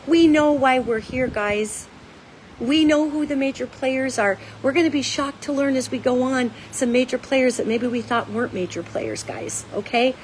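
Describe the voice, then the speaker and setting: A woman's voice: high-pitched, moderate pace, a little hiss or hum, rough recording. A woman host giving an urgent, emphatic monologue straight to her viewers, folksy and blunt, with casual swearing. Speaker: psychic commentator and show host. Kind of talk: direct-to-camera monologue.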